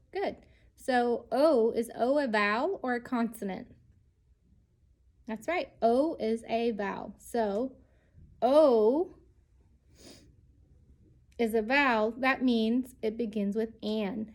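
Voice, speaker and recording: Slow, patient woman teaching children. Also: on the high side. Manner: slow, patient, sounds out letters. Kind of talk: children's grammar lesson.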